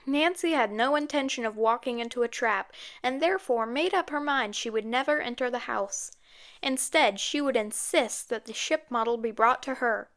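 A woman narrating a mystery audiobook in a steady, measured storytelling voice. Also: a little high.

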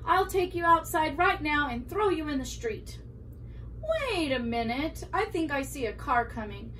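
Storybook old man voiced by a woman, grumbling and fussing, high and bouncy, faint background hum. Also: lively intonation, measured pace, fairly bright tone. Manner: scolding, fussing to himself. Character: elderly man, grumbling at his hat. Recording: distant mic, faint room noise.

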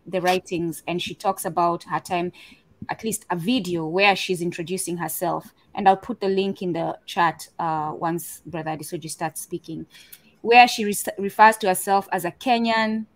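Lower-voiced woman co-hosting a talk. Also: fairly even intonation, moderate pace. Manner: conversational, searching, reads passages aloud. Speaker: co-host. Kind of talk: panel discussion on a podcast.

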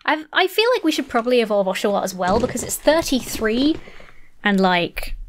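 Gushing woman with a lively voice. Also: fairly high pitch, normal speed, a little hiss or hum. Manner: gushing, chatty, swears casually. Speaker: gaming video host. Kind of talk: casual let's-play commentary. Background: faint game music.

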